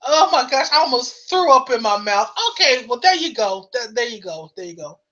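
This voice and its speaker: An American woman telling a story in a casual, animated way, full of "you know" and laughter. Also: a little high, fairly quick, dull audio. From United States. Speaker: vlogger.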